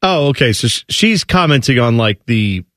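A man co-hosting a radio show in casual chat, joking with wry quick asides. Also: mid-range voice, big pitch swings, fairly bright tone, dry recording, studio quality. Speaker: radio co-host.

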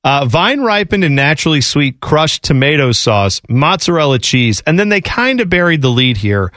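A man's voice: fairly high pitch, very animated, moderate pace, a bit bright, no echo, clean studio sound. A man hosting a sports talk show in casual chat, rambling and joking with frequent laughter. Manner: rambling, jokey, laughs often. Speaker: sports radio host.

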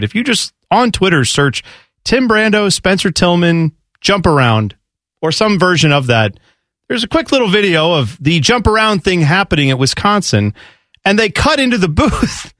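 A man's voice: high voice, fairly bright tone, no echo, clean studio sound. A man hosting a sports talk radio show, telling stories in a wry, joking, casual way. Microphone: studio microphone.

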